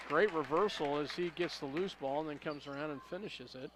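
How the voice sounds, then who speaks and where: A man's voice: fairly high pitch, noisy background. Man calling local basketball play-by-play. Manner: rapid play-by-play, rising on big plays, corrects himself. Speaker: play-by-play announcer. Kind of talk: local radio basketball commentary.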